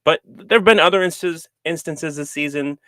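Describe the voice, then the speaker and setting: A man's voice: fairly high pitch, normal speed, pushed and bright, no room sound. A man co-hosting a casual sports podcast, ranting in an exasperated way. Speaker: podcast co-host.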